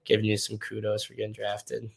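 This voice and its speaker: A man's voice: lowish voice, monotone, fairly quick, gravelly, breathy edge. A young man from Minnesota, a hockey player guest, talking casually and rambling through his stories in a podcast interview. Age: young adult. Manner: easygoing, rambling storytelling.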